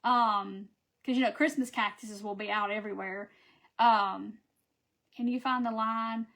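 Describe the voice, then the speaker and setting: A woman's voice: mid-range voice, fairly even intonation, measured pace, a bit bright. A woman hosting a casual live craft video, chatty and affectionate, greeting viewers by name. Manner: chatty and affectionate, reads viewer names aloud. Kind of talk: casual live-stream chat.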